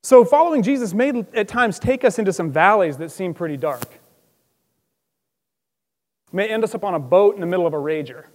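Male pastor, high voice, chatty sermon delivery with dramatic acted-out quotes, long church-hall reverb. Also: a little fast, long pauses. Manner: lively, conversational, acts out quotes with loud bursts.

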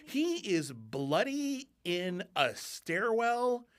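A man's voice: sits high, extremely slow. A man co-hosting a film podcast, talking casually and wryly about a movie with ironic asides. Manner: wry, lively, ironic asides.

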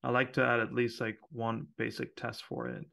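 A man co-hosting a podcast, talking shop in a relaxed, chatty way with lots of fillers and quick laughs. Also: mid-range voice, creaky. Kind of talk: casual technical chat.

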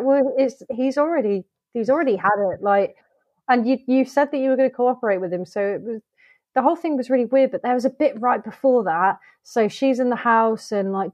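A woman's voice: a little high, no echo. A woman co-hosting a podcast, chatting casually about a film and acting out its scenes in quoted voices. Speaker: podcast co-host. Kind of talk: casual film review chat.

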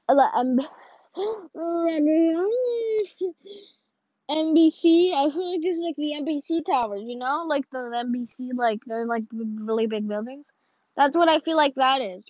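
A woman giving casual, rambling commentary while playing, excitable and mock-ranting. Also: sits high, moderate pace, dry recording. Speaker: video creator. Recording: dull lo-fi audio.

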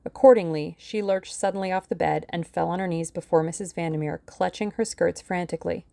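A woman reading a novel aloud as an audiobook narrator, in a measured, steady storytelling manner. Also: fairly low pitch, gravelly, no room sound. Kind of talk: scripted narration.

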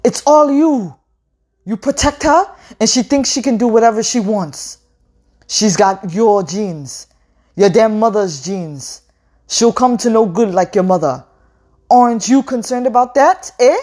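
A woman reading a story aloud and voicing an angry middle-aged father who shouts accusations at his daughter and wife. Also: sits low, a little slow. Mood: furious shouting. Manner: bellowing, accusing, loud.

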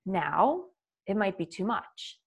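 A woman's voice: mid-range voice, big pitch swings, slow pace, creaky, husky. A woman who teaches yoga, talking in a casual, conversational way, full of fillers and acted-out bits of dialogue. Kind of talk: casual spoken talk.

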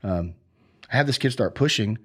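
Relaxed low-voiced man telling war stories. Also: moderate pace, slightly rough. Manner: relaxed, rambling with many fillers and restarts. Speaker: former Army Ranger sergeant, guest. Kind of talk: casual storytelling interview.

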